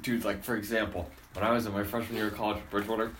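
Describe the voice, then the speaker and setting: A man's voice: fairly low pitch, level tone, very fast, fairly bright tone. A young man in his twenties, co-hosting a casual podcast, laid-back and joking, saying "like" and "dude" a lot. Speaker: podcast co-host. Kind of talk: casual chat. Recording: echoey room with faint noise.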